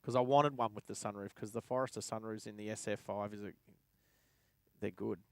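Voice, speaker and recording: A man's voice: lowish voice, steady tone, a little fast, clear, resonant tone, no echo. A young Australian man casually telling a rambling anecdote while driving, chuckling to himself as he goes. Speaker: driving livestream host. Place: inside a car.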